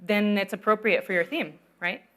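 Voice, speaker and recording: A woman's voice: mid-range voice, moderate pace, fairly bright tone. A woman lecturing on narrative design at a conference, taking audience questions and checking in with listeners often. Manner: conversational, checks in with "right?" often.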